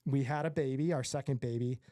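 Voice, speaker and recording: A man in his forties from Southern California, a podcast guest telling stories about his life in an animated, self-mocking way and acting out other people's lines. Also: medium pitch, fast talker, dry recording, studio quality. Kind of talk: casual storytelling.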